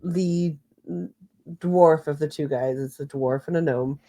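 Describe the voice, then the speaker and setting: Slow, hesitant woman game master. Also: low voice, mellow. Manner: slow, hesitant narration with many fillers. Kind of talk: narrating a tabletop game.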